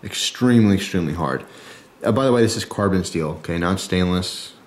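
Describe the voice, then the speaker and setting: Jersey-accented guy, lowish voice, easygoing gear-demo host who chats and jokes as he goes. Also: brisk. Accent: New Jersey. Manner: chatty, jokey asides, frequent "okay?" and "right?". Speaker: survival video host. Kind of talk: casual show-and-tell talk.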